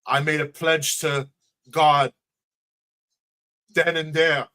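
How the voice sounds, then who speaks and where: Earnest New male candidate on a video call; bright, pressing delivery. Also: fairly high pitch, little pitch movement, slow. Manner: earnest, emotional, repetitive speech-style. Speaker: political candidate. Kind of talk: livestream interview answers.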